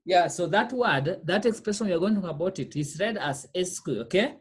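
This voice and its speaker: A woman's voice: fairly low pitch, lively intonation, fairly quick, breathy edge. Patient woman teaching French. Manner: explains patiently, repeats phrases, checks understanding with "okay?". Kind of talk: online class lesson.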